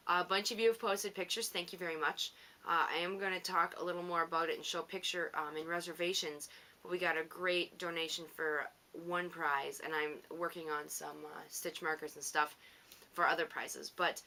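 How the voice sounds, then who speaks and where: A woman with a fairly low voice that still has a bright, forward edge talks through her week as a podcast host. She rambles, teases herself and laughs easily in a loose, unscripted monologue. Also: fairly even intonation. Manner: chatty, rambling, self-teasing, quick to laugh. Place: home on the coast.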